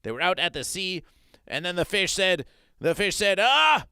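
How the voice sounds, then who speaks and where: A man's voice: high-pitched, normal speed, bright, forceful tone, clean tone, dry recording. Man in a rambling mock-serious news monologue. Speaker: comedy streamer.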